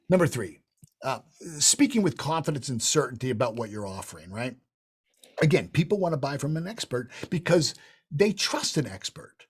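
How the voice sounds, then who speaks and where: Animated husky middle-aged man coaching. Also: a little high. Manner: animated, emphatic, demonstrates tonalities with quick voice shifts. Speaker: sales trainer. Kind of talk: online training session.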